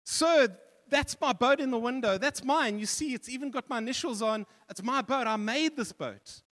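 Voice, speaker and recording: A man's voice: very high voice, normal speed, a bit bright, big-room sound, pitched above the performer's own voice. A man doing a pleading little boy. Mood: insistent. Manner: pleading, insistent. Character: eager indignant little boy.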